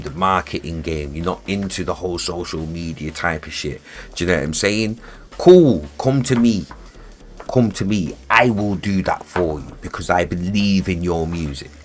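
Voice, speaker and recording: A man, streaming live from his home studio and ranting in a heated, sweary way that keeps repeating itself. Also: low-pitched. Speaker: music producer streaming live. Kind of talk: casual livestream rant.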